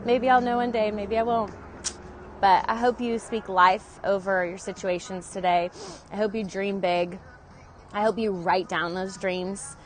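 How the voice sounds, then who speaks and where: A woman speaks into her phone in an earnest, emotional vlog, her voice sitting at an ordinary pitch for her. She talks with heartfelt openness, as though sharing something private. A faint hum of noise sits under the recording. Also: little pitch movement, a little slow. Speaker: vlogger. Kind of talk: personal confessional vlog. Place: in and near her car.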